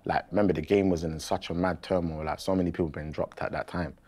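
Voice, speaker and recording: A young man telling an animated, slangy story as a guest in a podcast interview. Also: low-pitched, quick pace. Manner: animated, slangy, repeats himself for effect.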